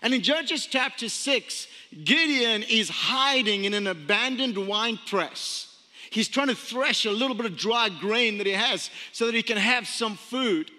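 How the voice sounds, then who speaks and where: Pastor guy preaching in a big echoey church, chatty, slows way down to hit the point. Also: very high voice, bright, forceful tone. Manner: conversational, storytelling, repeats phrases, slows for emphasis. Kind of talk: sermon. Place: church sanctuary. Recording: long hall reverb.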